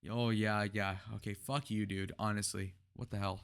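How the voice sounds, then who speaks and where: A man's voice: on the low side, flat delivery, moderate pace, fairly bright tone, clean tone. Heated, sarcastic young man reacting. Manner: heated, profane, sarcastic outbursts. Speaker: political reaction commentator. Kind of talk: reaction commentary.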